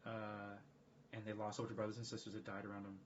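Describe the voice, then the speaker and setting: A man's voice: lowish voice, monotone, quick pace. A man talking in a casual live-stream monologue, rambling and emphatic, often repeating himself. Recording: dull lo-fi stream audio with faint background noise.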